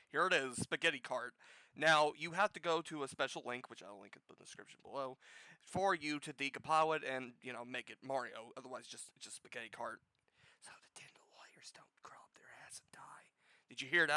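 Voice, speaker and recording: Sweary sarcastic guy doing game news rants, bright edgy voice, dry close mic. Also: mid-range voice, no echo, poor audio. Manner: profane, sarcastic, swings from loud outbursts to muttering. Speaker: gaming news host. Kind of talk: ranting casual commentary.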